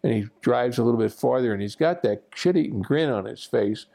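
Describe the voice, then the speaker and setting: A man's voice: medium pitch, fairly quick, creaky, mellow. An older man, a former military pilot, telling a rambling, self-deprecating personal anecdote with fillers and restarts. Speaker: veteran pilot recounting war memories.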